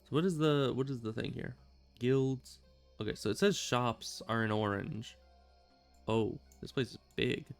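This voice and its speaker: A man's voice: mid-range voice, measured pace, creaky, clear, resonant tone, soft background music. A man streaming a video game, chatting casually and rambling with self-amused asides. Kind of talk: casual gameplay commentary.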